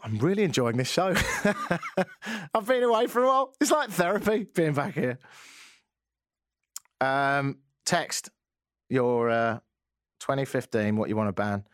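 Guy hosting a radio show, bit higher voice, bouncy and wry, dry studio sound. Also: measured pace, pauses often, no echo. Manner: wry, animated, reads listener texts. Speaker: radio talk show host. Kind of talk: casual radio call-in chat.

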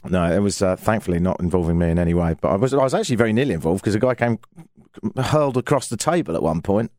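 London guy cohosting a chat, dry jokey storyteller, pitch all over the place. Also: lively intonation, quick pace, darkish tone, no echo. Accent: London English. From England. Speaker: co-host. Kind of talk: casual comedic chat.

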